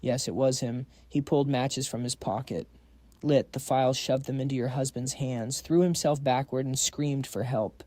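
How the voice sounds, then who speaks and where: A man's voice: mid-range voice, steady tone, normal speed, warm tone, no echo, close to an everyday voice. A timid poor young witness, voiced by a man. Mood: fearful. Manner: timid, hesitant.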